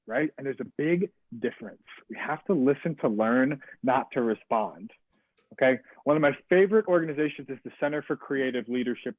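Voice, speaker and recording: A man giving an energetic, interactive webinar presentation on service and leadership, often checking in with his audience. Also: medium pitch, no room sound. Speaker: guest speaker on service and leadership. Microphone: video call. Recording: tinny phone-like video call audio.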